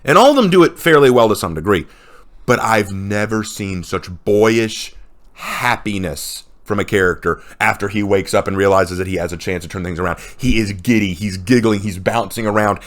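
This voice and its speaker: A man with a fairly low voice talking casually and eagerly about movies he loves. He retells scenes with lively energy, slipping into quoted lines. Relaxed, conversational delivery. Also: moderate pace. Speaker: co-host of a movie list video. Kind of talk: casual chat.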